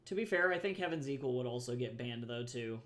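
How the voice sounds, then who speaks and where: A man's voice: mid-range voice, animated, fast talker, a bit bright. A man chatting casually while he draws on a livestream, rambling, swearing freely and making wry asides to his viewers. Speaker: comic artist streaming while drawing.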